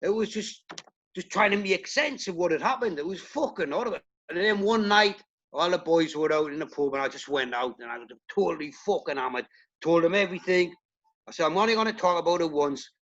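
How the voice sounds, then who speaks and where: A man's voice: on the high side, animated, a little fast, a bit bright, dull audio. A man, a punk band singer, telling blunt, profanity-laced stories in a casual interview. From United Kingdom. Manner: blunt, swears heavily, tells stories acting out quotes.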